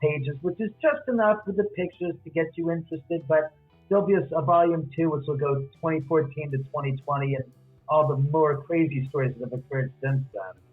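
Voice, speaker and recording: Husky man telling a story over a phone line. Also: fairly high pitch, a little fast, faint music behind. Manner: acts out quoted dialogue. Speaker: guest author. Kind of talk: animated storytelling. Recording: tinny phone-line audio.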